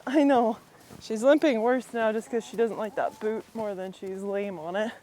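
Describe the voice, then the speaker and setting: A woman vlogging outdoors at a windy horse pen, talking gently and chattily to her horse and laughing often. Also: medium pitch, steady tone, normal speed. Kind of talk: casual vlog narration while tending a horse.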